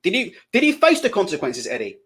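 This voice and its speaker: A man's voice: sits high, wildly swooping pitch, fast talker, fairly bright tone. A man hosting live boxing commentary, ranting indignantly and profanely, hammering the same questions again and again.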